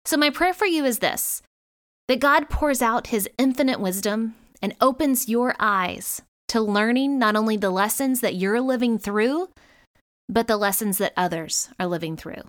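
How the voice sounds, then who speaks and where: A woman's voice: fairly high pitch, normal speed, no echo, clean studio sound. A middle-aged woman hosting a leadership podcast, talking in an earnest, encouraging way with light laughs. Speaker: podcast host and leadership coach. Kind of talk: podcast monologue.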